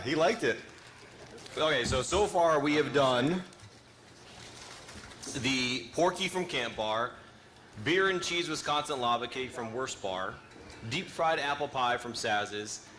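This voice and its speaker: A man's voice: medium pitch, a bit bright, a little hiss or hum. A man hosting a live food judging contest, playful and teasing with the judges.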